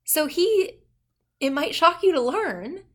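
A woman co-hosts a chatty podcast. Her voice sits fairly high, and she talks animatedly and laughs often. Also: sing-song, slow pace. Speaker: podcast co-host. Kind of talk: casual chat.

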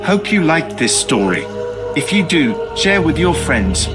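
A man's voice: fairly high pitch, very animated, measured pace. A man presenting a paranormal story show, reading a scripted intro and outro in an upbeat announcer manner. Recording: voice over loud background music.

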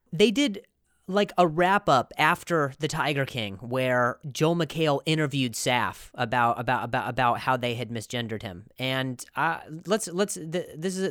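A man's voice: fairly high pitch, a bit bright, no room sound, studio quality. A young man hosting a comedy podcast, rambling and profane, with sarcastic rants full of restarts. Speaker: podcast host.

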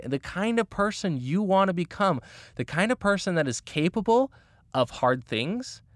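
A man's voice: on the high side, no echo, clean studio sound. A man talking earnestly and casually, giving motivational advice about goals with frequent fillers. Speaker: motivational speaker.

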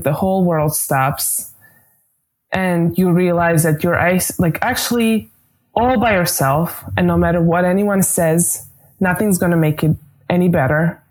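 A young woman, a guest telling a personal story in a casual, chatty interview, filling her talk with "like". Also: lowish voice. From Croatia. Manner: chatty, animated, many "like" fillers. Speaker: guest, basketball player.

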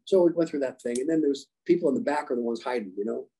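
A man who is a leadership coach and former special operations rescuer, giving animated storytelling answers in a podcast interview and acting out dialogue. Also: mid-range voice, fast, a little hiss or hum, low-quality recording. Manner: animated, acts out quoted dialogue. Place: podcast conversation.

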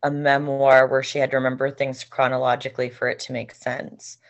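A woman's voice: rumbling low, little pitch movement, a little fast, highs cut off. A woman co-hosting a podcast in casual chat, talking candidly and swearing now and then. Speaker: podcast co-host.

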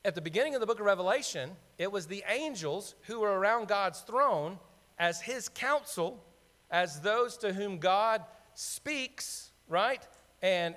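A man preaching a sermon, animated and conversational, with asides to the congregation. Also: high voice. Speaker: pastor. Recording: long hall reverb.

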